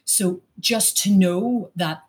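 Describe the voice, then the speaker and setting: A woman's voice: on the low side, slow, a little mellow, breathy edge. A middle-aged Irish woman chatting as a stage actor guest, rambling with many restarts and fillers. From Ireland. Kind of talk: casual chat.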